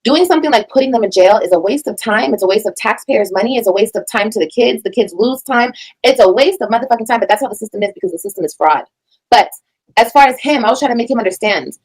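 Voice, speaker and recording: Fast-talking blunt woman streamer. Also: a little high, lively intonation, darkish tone, breathy edge, low-quality recording. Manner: blunt, profane and emphatic. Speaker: reaction streamer. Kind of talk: heated reaction commentary.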